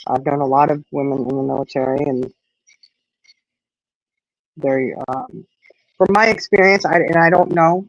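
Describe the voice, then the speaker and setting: A middle-aged woman with a deep voice hosts a casual livestream while out on an evening walk outdoors, rambling and saying "you know" a lot as she answers viewers. The recording is dry and muffled.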